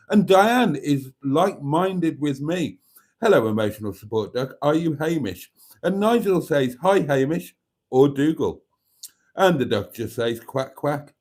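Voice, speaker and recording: A man's voice: medium pitch, a little mellow. Male live-stream host, casual and chatty, reads comments aloud.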